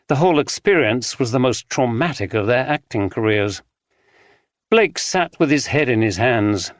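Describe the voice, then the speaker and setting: A man narrates a mystery audiobook in an even, measured read. His voice sits at a middle pitch, and the recording is close and dry with no room sound. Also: dry recording. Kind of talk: scripted narration.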